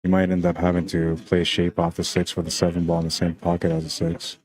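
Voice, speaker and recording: A man's voice: low-pitched, completely flat delivery, fairly quick, a little mellow. A man from Canada with a Spanish accent, giving laid-back, chatty live-stream commentary on a pool match and talking viewers through the shots.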